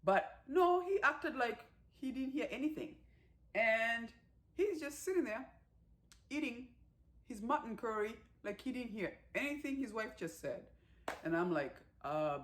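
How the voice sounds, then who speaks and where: A woman giving a casual movie recap, chatty and animated, with lots of fillers and acted-out quotes. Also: a little high, unhurried, slight background noise. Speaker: movie reviewer.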